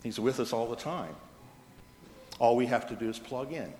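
A man's voice: mid-range voice, normal speed, darkish tone, slight background noise. Man preaching in a reverberant church hall. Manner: plain conversational storytelling. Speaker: pastor. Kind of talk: sermon. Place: church sanctuary.

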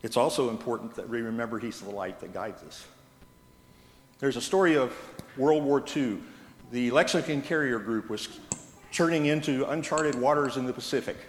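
A man's voice: medium pitch, moderate pace. Man preaching in a reverberant church hall. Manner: plain conversational storytelling. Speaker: pastor. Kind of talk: sermon. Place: church sanctuary.

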